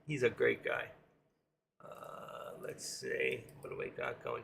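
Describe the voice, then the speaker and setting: A man's voice: mid-range voice, slow, vocal fry, fairly bright tone, slightly rough. A middle-aged man with a New York accent, chatting casually on his trading live stream and reading viewer comments aloud.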